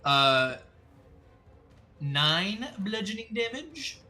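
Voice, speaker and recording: Male game master, sharp bright voice, laid-back, curses freely, lots of ums. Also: sits high, very animated, very slow, faint music behind. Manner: casual, swears a lot, many ums. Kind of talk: running a tabletop game over voice chat.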